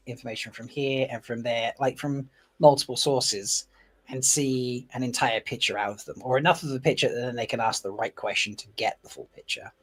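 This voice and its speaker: A man from Essex, hosting a casual chat and animatedly quoting characters. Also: medium pitch. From Essex, England. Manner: animated, laughing, quotes characters in voices. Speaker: host.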